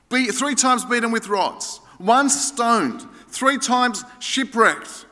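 A man's voice: very high voice, expressive, slow, hardly any pauses, pushed and bright. A Greek-born man preaching a sermon as a pastor, telling stories with playful banter before turning earnest. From Greece. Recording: hall reverb.

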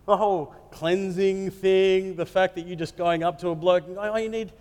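A man's voice: sits high, little pitch movement, moderate pace, a little mellow. Man, preacher, jokey conversational sermon, long hall echo. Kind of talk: humorous sermon. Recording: echoey hall reverb.

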